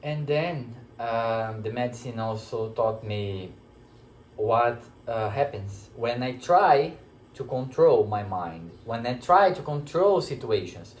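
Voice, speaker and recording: A man recounts a personal spiritual story in a slow, reflective way, often pausing as emotion rises. His voice sits at an ordinary pitch and rings with the echo of the room around him, over a faint hum. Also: animated. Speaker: spiritual teacher sharing a personal experience. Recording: echoey room.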